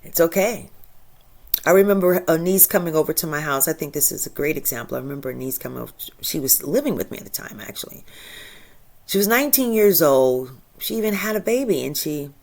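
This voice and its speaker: A woman hosting her own spiritual channel, talking casually and with feeling, laughing often and swinging from soft to loud. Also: low voice, animated, fast, gravelly. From Michigan. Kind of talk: casual inspirational monologue.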